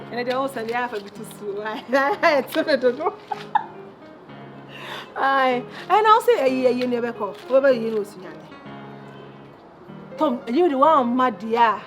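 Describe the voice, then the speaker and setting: A woman's voice: on the high side, expressive, unhurried, soft background music. An actress with a Ghanaian accent playing a flashy young woman who laughs, teases and mixes Twi with English slang as she brags about luxury things. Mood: playful. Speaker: actress in a Kumawood film. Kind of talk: dramatic film dialogue.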